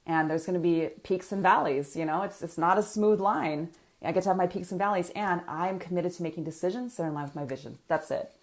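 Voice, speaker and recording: A woman's voice: fairly low pitch, brisk. A woman business coach, talking energetically to viewers in a live coaching session and reading out their comments.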